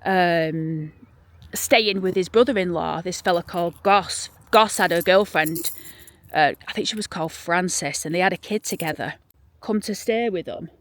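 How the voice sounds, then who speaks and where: A woman with a Yorkshire accent telling a local true-crime story in a chatty, rambling way while walking through a churchyard, sometimes dropping to a hushed near-whisper. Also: lowish voice, moderate pace, no echo. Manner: chatty and rambling, drops to a hushed whisper when showing graves. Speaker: vlogger and graveyard guide. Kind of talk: casual storytelling walk-through. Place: outdoors in a churchyard.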